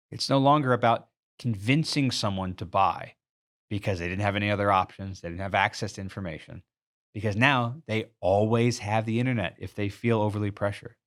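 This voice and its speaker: A man giving a sales training talk, earnest and explanatory, walking the listener through an everyday store example. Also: mid-range voice. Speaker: sales coach.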